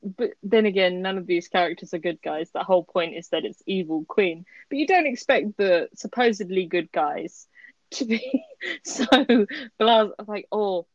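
A woman's voice: mid-range voice, lively intonation, normal speed, no room sound. A woman co-hosting a podcast, chatting casually and with animation about a story, often laughing as she talks. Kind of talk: casual chat reviewing a story. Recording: dry, slightly muffled lo-fi recording.

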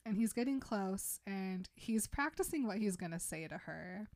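Young woman animatedly retelling a film. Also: medium pitch. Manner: animated retelling with quick character voices. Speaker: podcast co-host retelling a film. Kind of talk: casual chat.

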